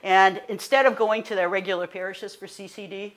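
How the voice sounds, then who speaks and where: A woman, a guest speaker telling a personal story in an animated, conversational way, full of fillers and self-corrections. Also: medium pitch, brisk. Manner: animated, rising to indignant.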